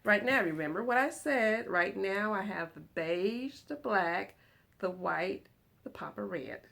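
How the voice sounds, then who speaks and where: A woman vlogging from her lounge room at home, chatting excitedly and giggling as she talks to her viewers. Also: mid-range voice, slow pace, gravelly. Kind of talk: casual chat to viewers.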